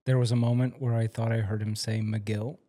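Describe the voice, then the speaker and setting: A man's voice: lowish voice, little pitch movement, fairly quick, warm tone. A man co-hosting a casual show-review chat with his husband. He is enthusiastic and goes by gut feeling. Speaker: podcast co-host.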